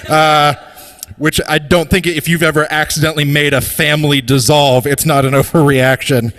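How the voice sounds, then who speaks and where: A man's voice: fairly high pitch, flat delivery, normal speed, a bit bright, long reverb tail. A man hosting a live comedy show, telling a rambling, profane, self-deprecating story and introducing acts on stage.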